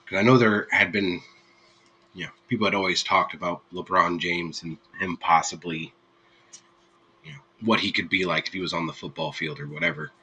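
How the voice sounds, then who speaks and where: A man's voice: low voice, normal speed, sharp tone, a little hiss or hum, rough recording. A man hosting a live stream, chatting casually with his viewers in an easygoing, rambling way and laughing freely. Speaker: streamer host.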